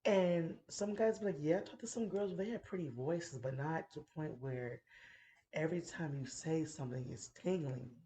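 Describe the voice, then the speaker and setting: A woman's voice: deep voice, moderate pace, warm tone, slight background noise. A woman in her thirties telling a frank, profane story on a casual chat show. She laughs often and talks in a playful way. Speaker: podcast host telling a story.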